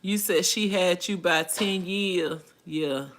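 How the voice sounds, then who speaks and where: A woman's voice: lowish voice, slow, fairly bright tone, a little hiss or hum. A woman in her forties hosting a casual livestream, reading viewer comments aloud and chatting in a folksy way with frequent laughter. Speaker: livestream host.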